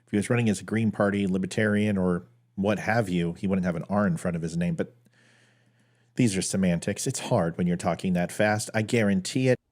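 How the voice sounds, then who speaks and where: Male reaction commentator, low voice, dry mocking tone. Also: fairly even intonation, brisk, darkish tone. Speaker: YouTube commentator.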